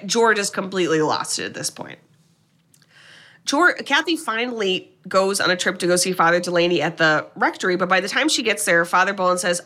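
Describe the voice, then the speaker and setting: A woman's voice: mid-range voice, normal speed. A woman co-hosting a podcast, recapping a film in casual chat and acting out the characters' lines. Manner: lively retelling, acts out quoted lines, swears casually.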